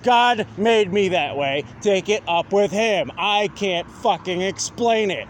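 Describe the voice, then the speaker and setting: A man's voice: sits high, animated, slow pace, a little hiss or hum. A man ranting to his viewers in a combative, profane monologue, repeatedly asking whether they understand. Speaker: vlogger.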